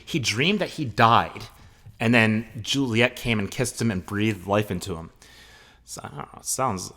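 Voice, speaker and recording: A man's voice: on the low side, fairly bright tone. A man teaching a play, reading the lines aloud with feeling and then explaining them in casual, joking asides.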